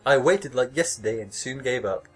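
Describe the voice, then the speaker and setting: A man's voice: medium pitch, lively intonation, normal speed, slightly rough, soft background music. A young man hosting a podcast, reading a scary story aloud and mocking it with sarcastic, swear-filled asides and frequent laughter. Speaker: podcast host reading stories. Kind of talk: comedic reading with sarcastic commentary.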